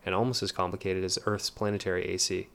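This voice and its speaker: Deep, flat-voiced male narrator. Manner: measured, even. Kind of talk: scripted audiobook narration.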